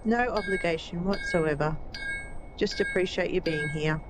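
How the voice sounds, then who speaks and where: A woman's voice: lowish voice, normal speed, heavy background noise. A woman live-streaming a game, chatting casually with viewers while she plays.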